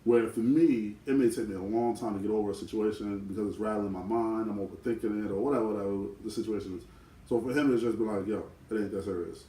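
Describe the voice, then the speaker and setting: A man in casual chat, talking reflectively and pausing to search for words. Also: fairly low pitch, fairly even intonation, warm tone, reverberant, distant mic, poor audio. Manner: reflective, searching for words with many "you know"s. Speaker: vlogger twin.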